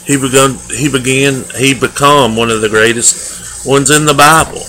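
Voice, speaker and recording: A man giving a daily devotional, earnest and homespun in manner, with loose everyday grammar and drawn-out emphatic phrases. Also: medium pitch, steady tone, bright, forceful tone, rough recording. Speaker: lay preacher. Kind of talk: folksy daily devotional sermon.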